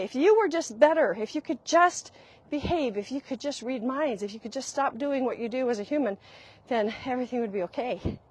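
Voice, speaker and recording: A fairly high, husky woman's voice carries this casual live talk. She coaches on relationship habits with emphatic repetition, slipping into little acted snippets of other voices. Her breathy edge stays steady throughout. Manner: emphatic, repeats key phrases, acts out quoted apologies.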